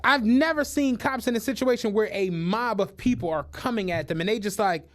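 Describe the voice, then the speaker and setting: A man co-hosting a podcast, telling stories in casual chat, animated and full of swearing and laughter. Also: high voice, fairly quick. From United States. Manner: animated storytelling, swears a lot, laughs often. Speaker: podcast co-host.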